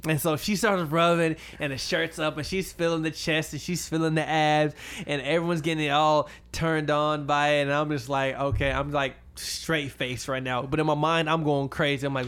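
A man's voice: moderate pace, smooth. A young man telling a funny story in casual chat, acting out quotes and laughing often. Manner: animated, acts out quotes in high voices, laughs often.

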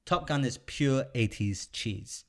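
A man's voice: mid-range voice, slow pace. A man co-hosting a podcast, chatting enthusiastically about movies he loves. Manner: enthusiastic, gushing. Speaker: podcast co-host. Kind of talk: casual movie chat.

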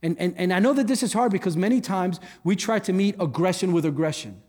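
Male guest pastor, higher register, conversational sermon with jokes; long hall reverb, faint music under. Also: animated, fast, darkish tone. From Cuba. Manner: conversational, joking asides. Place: church hall.

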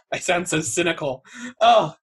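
A man's voice: sits high, slow, husky. A man co-hosting a casual chat show, telling a story in a wry way, swearing freely and laughing at himself. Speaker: podcast co-host.

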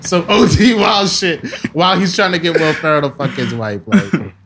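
A man's voice: on the high side, normal speed, a crowd in the background. A man co-hosting a podcast, chatting casually and laughing as he retells film scenes. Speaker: podcast co-host. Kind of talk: casual chat.

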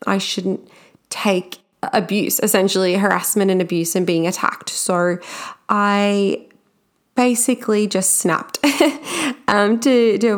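A young woman speaking casually and candidly about her own experience at work, with plenty of everyday fillers. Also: medium pitch. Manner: chatty and candid, with frequent fillers. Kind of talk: casual personal storytelling.

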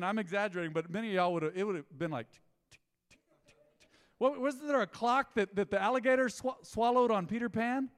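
A man preaching a sermon in his church, telling a story with lively swings between loud exclaims and hushed asides. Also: fairly high pitch, big-room sound. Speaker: pastor. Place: church sanctuary.

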